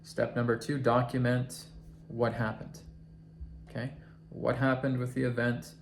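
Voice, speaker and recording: A man teaching a self-help process, talking slowly and deliberately and counting breaths aloud. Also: mid-range voice, flat delivery. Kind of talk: guided instructional talk. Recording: echoey room with faint noise.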